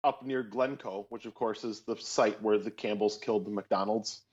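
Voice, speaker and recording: A man's voice: fairly low pitch, fairly even intonation, normal speed, breathy edge. A man co-hosting a casual chat and explaining history in detail. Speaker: co-host telling of a trip. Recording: dull lo-fi audio.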